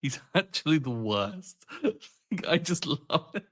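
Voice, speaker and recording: A man's voice: on the high side, animated, takes it slowly, a bit bright. A man co-hosting a podcast, chatting casually in a rambling way with many fillers. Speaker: podcast co-host. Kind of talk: casual chat.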